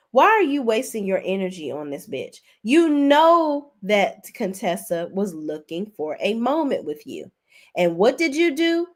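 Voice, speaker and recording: A woman hosting a casual reality TV recap, sassy and expressive, laughing often, with big swings in pitch. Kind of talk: casual commentary with live chat.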